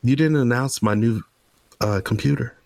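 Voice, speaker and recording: A man co-hosting a casual gaming podcast, talking in an excitable, rambling way. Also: medium pitch, moderate pace, creaky, dry recording. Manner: excitable, rambling gamer talk. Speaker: podcast co-host. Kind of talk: casual chat.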